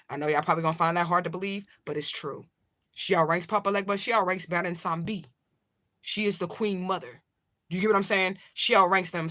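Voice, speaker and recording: A woman, a spiritual medium, tells a long story to her viewers in a loose, chatty vlog style. She swears freely and talks straight to them. Her voice is bright and sharp. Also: medium pitch, no room sound, clean studio sound.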